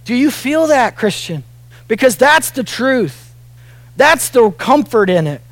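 A middle-aged pastor delivers a sermon with a high, clear voice, close and dry on the mic. He talks earnestly, sinking soft and near tears, then surging to loud, emphatic peaks. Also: big pitch swings, measured pace, dry recording. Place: church auditorium.

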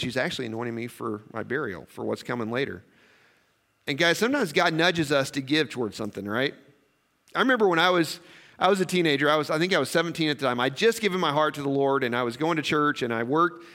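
A man preaching a sermon, telling stories in a conversational way with quick asides and questions to the congregation. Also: on the high side, a bit bright. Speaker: pastor.

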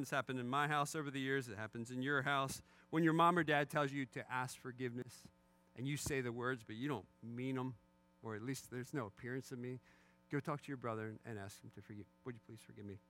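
Middle-aged male pastor, conversational sermon delivery, average pitch, light self-deprecating humor. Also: fairly even intonation, a little fast, sharp tone.

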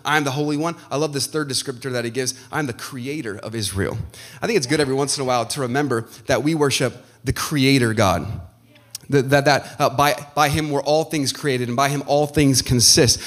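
A man preaching a sermon, fervent and shifting between loud declarations and hushed asides. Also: mid-range voice, a little fast. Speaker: pastor.

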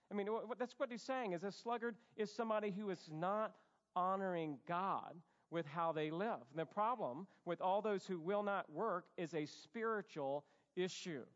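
A man preaching a sermon as a pastor, animated and conversational. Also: high-pitched. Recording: echoey hall, dull sound.

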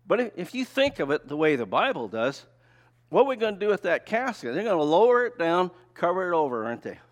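A man's voice: high-pitched, big pitch swings, fast. Older male preacher, folksy and conversational, keeps throwing rhetorical questions at the room. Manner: folksy, tells personal stories. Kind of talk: sermon with slides.

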